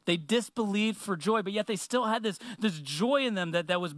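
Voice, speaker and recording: A man preaching a sermon in a relaxed, conversational way, slowing his words down to stress a point. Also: sits high, no echo. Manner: conversational, slows words down for emphasis.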